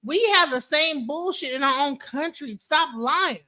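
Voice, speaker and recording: Woman host, casual livestream talk, bright sharp tone, blunt and profane. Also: high-pitched, measured pace, poor audio.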